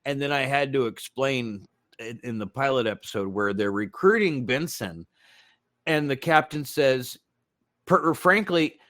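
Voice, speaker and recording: Man co-host, easygoing podcast talk, quick to laugh, acts out quotes. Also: medium pitch, no echo, clean studio sound. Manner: laughing, animated retelling. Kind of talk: casual chat.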